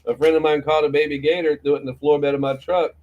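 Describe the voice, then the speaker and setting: A man's voice: fairly high pitch, flat delivery, fast talker, phone-quality sound, a little hiss or hum. A middle-aged man, hosting a morning show and telling rambling, profane stories. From Florida. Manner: rambling storyteller, profane, laughs often. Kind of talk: casual chat.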